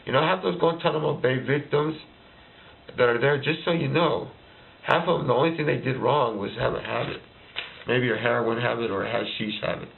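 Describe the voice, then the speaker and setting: A man's voice: mid-range voice, brisk, creaky, a little hiss or hum. A man delivering a heated political rant, firing off repeated rhetorical questions. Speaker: vlogger ranting to camera. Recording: tinny phone-like lo-fi recording.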